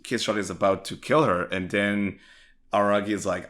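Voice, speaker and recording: A man's voice: on the low side, fairly even intonation, moderate pace, fairly bright tone. A man co-hosting a podcast, chatting enthusiastically and casually, swearing and using lots of filler words. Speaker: podcast co-host. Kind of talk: casual anime discussion.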